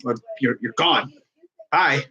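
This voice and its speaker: A young man casually commenting on a live sports stream, excitable and rambling. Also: medium pitch, takes it slowly, muffled recording. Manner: excitable, rambling, laughs often.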